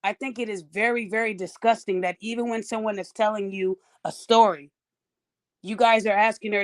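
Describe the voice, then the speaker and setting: A woman's voice: mid-range voice, a little fast. Forthright woman podcast host. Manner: soothing to the guest, blunt and lecturing to the chat. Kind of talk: hosting a live-streamed podcast.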